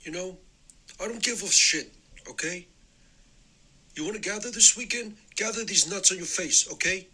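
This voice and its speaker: Bully mayor impression by a man, bright piercing tone, swaggering, threatening. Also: high-pitched, moderate pace, long pauses, breathy edge, full character voice, low-quality recording. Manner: swaggering, threatening, repeats 'okay?'. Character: brash tough-talking city mayor, man, bullying and blunt. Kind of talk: comic impression clip.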